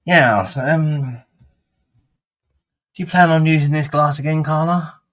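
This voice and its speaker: A mock-posh English gent who savours every word and stretches it out slowly. A man puts him on, pitching his voice higher than his own. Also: fairly bright tone. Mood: mock-refined. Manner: mock-posh, drawn-out and affected. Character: posh, refined English man tasting wine-style.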